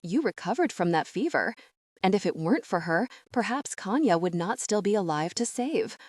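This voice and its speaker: A woman's voice: medium pitch, animated, moderate pace, no room sound, studio quality, natural voice. A woman voicing a stern female witch who speaks firmly, leaving no room for doubt. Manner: firm, leaves no room for doubt. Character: stern female dust wife witch, firm and certain.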